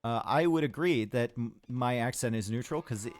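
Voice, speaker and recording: A Canadian man with a mid-range voice speaks at a moderate pace. He's a game caster giving upbeat, chatty live commentary on a strategy game match while answering his chat.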